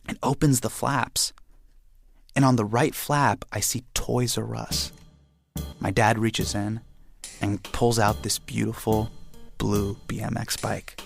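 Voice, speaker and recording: A young adult man telling a personal story in an animated way, acting out the voices of his family. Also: fairly low pitch, slow, creaky, soft background music.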